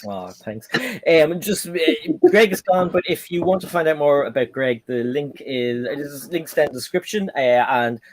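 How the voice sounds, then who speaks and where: A man's voice: on the high side, lively intonation, normal speed, hardly any pauses, no echo. A man with an Irish accent hosting a casual live stream chat. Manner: chatty, playful with a child.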